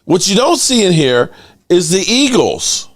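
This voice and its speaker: A man hosting a casual sports fan livestream. He reads chat aloud and rants with animated energy. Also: high voice, unhurried. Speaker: host of a sports fan channel.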